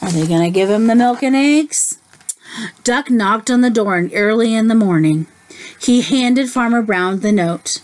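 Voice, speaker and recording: A woman teacher reading a picture book aloud to children, slowly explaining and asking them questions. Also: fairly high pitch, expressive, darkish tone.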